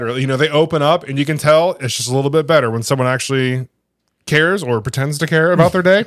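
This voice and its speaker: A man co-hosting a podcast in relaxed, casual chat with easy laughs. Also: on the high side, quick pace, dry recording, studio quality. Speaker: podcast co-host.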